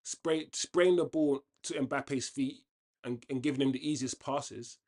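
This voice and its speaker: A man's voice: medium pitch, unhurried, a little mellow. Chatty opinionated man. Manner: chatty, opinionated, often restarts sentences. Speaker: watchalong host. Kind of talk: casual football commentary.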